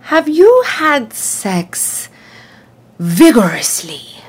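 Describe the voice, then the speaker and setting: A woman voicing a kindly, worldly old male doctor with an Australian accent, asking questions in a slow, drawn-out, probing way. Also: a little high, huge pitch swings, slightly rough, pitched above the performer's own voice, exaggerated voice.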